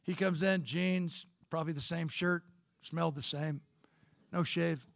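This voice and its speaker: Gravelly, folksy male storyteller. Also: a little high, fairly even intonation, a little slow, fairly bright tone, no room sound. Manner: folksy, conversational. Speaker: speaker, former bishop. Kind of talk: storytelling talk.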